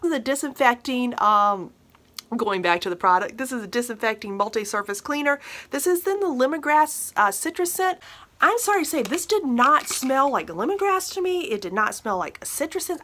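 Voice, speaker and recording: A woman's voice: a little high, bright, forceful tone. A middle-aged woman from northern Minnesota chatting casually through an honest product review, full of fillers and restarts. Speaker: beauty and household product vlogger.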